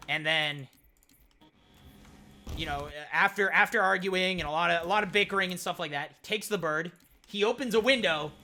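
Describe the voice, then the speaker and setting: A young man streaming a game tells a long, rambling joke in a high, pushed, bright voice. Chatting casually as he plays, he acts out the voices of the people in it.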